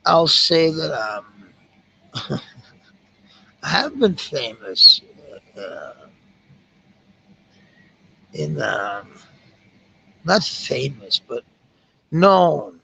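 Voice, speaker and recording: A man from Denmark chatting casually and rambling on a livestream, swearing now and then and filling pauses with ums. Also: fairly high pitch, sing-song, creaky, sharp tone, a little hiss or hum. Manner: rambling, laid-back, swears casually, many fillers. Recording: dull lo-fi stream audio.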